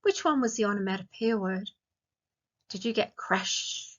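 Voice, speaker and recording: Australian lady teacher, slow clear questions for little kids, kinda muffled lo-fi audio. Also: medium pitch, lively intonation, noisy background. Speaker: primary school teacher. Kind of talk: recorded grammar lesson for young children. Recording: dull lo-fi sound.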